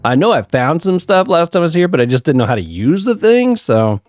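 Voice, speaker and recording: A man's voice: fairly high pitch, big pitch swings, a little fast, a little mellow, no room sound, faint music behind. A man hosting a gaming channel, giving chatty, upbeat let's-play commentary. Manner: upbeat, chatty, laughs often.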